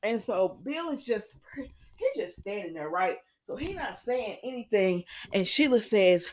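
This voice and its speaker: A chatty woman with a bit of a sniffle talks straight to her viewers as she recaps a soap opera. Her pitch swings up and down with plenty of life. Her voice sits at a middling height, and she laughs often as she goes. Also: very animated, a little slow, a little mellow. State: sniffly with sinus trouble. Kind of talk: casual recap chat.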